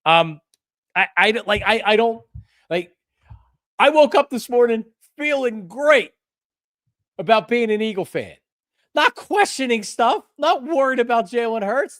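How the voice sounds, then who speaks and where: A man's voice: extremely high pitch, lively intonation, moderate pace, dry recording. Older man, fired-up sports talk, repeats himself, dry close sound. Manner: passionate, emphatic, repeats himself; bursts into shouting. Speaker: sports show host. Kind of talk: live-streamed sports talk.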